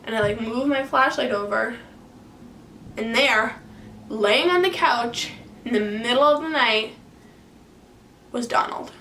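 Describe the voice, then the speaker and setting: Animated young woman telling a story. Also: fairly high pitch, measured pace, pauses often, slight background noise. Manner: animated, frequent "like" fillers. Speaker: vlogger telling a personal story. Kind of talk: casual storytime. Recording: echoey room, distant mic, faint ambience.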